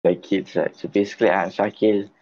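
A man co-hosting a podcast in casual chat, hesitant and halting. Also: deep voice, flat delivery, darkish tone, dull audio. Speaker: podcast co-host.

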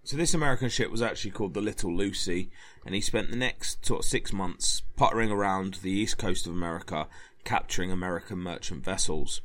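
A man's voice: on the low side, a bit bright. A man, a historian, talking casually about history, with lots of fillers and restarts. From England. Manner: rambling, many fillers and restarts.

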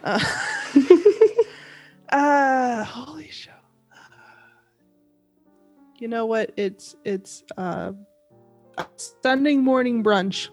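A woman's voice: a little high, very slow, long pauses, soft background music. A young woman chatting as a podcast guest, bubbly and giggly, with lots of fillers. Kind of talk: casual chat.

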